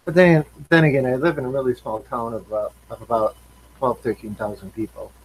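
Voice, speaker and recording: A man in a casual live group chat on a video call, relaxed and trailing off at the ends of sentences, sometimes reading viewer comments aloud. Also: medium pitch, fairly quick, husky, low-quality recording.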